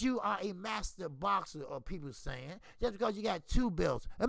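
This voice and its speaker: Gravelly high-voiced man ranting about boxing. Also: normal speed, hardly any pauses, dry recording. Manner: profane, animated, talks back to viewers by name. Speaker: boxing channel host. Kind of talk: casual live-stream boxing talk.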